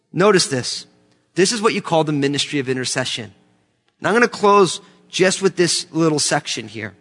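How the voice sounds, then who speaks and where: A man's voice: a little high, lively intonation, moderate pace, fairly bright tone. A man from the United States preaching a sermon, emphatic and fervent, with many rhetorical questions. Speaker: pastor. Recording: long hall reverb.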